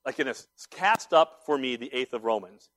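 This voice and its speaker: A man preaching a sermon in a church, dropping to a hush and rising to loud, urgent appeals. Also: medium pitch, animated, fairly quick. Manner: preaching with big swings between hushed and loud. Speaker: pastor.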